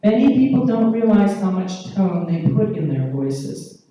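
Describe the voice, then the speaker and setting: Slow, mellow-voiced woman lecturing in a hall. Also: medium pitch, lively intonation. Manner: checks in with listeners, often asking "okay?"; explains patiently with pauses and fillers. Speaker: conference speaker. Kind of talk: conference lecture. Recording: echoey hall, distant mic.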